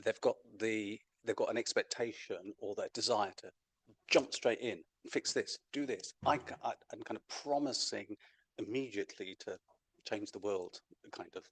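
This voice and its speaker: A man's voice: lowish voice, moderate pace, slightly rough, no echo. A man hesitantly putting a question to the panel, restarting his phrases as he goes.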